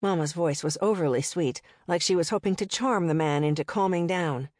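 A woman reads a first-person audiobook in a measured, even way. Her voice sits somewhat low for a woman. The recording is dry and close, with no room sound. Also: no echo. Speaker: audiobook narrator.

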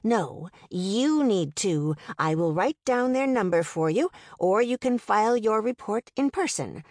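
A sweet, defiant motel owner calmly stands her ground, as a woman reading the story puts her on. Her pitch moves a lot while her words come slow and deliberate. The sound is dry and close. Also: no room sound, lightly acted. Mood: firm. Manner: overly sweet, then firm.

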